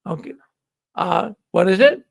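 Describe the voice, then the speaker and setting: A man's voice: high voice, animated, unhurried, vocal fry. A man hosting a casual live-stream quiz, jokey and playful, often repeating himself. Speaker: show host running a quiz.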